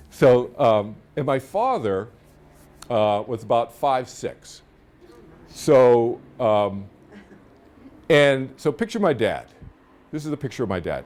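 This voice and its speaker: A middle-aged man with a fairly low, slightly mellow voice gives a live seminar talk. He is chatty and tells stories, often checking in with his audience.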